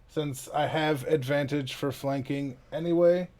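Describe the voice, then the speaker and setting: A man speaks slowly while playing a tabletop game. He rambles through his options with many restarts, swearing and laughing as he thinks aloud. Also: on the high side, fairly bright tone. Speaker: player. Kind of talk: casual tabletop game talk.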